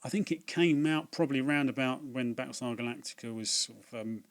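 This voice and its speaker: This male video host speaks a little fast at a medium pitch. In a casual unboxing vlog, he chats and rambles about his purchases, leaning on lots of fillers, while recording at dusk in a home room on a laptop's built-in microphone.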